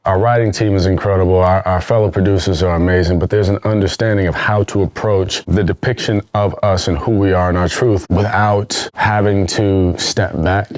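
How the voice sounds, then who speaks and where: Male guest actor, lowish voice, relaxed reflective drawl, easy slang. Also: moderate pace, few pauses. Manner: laid-back, reflective, slangy. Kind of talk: casual chat.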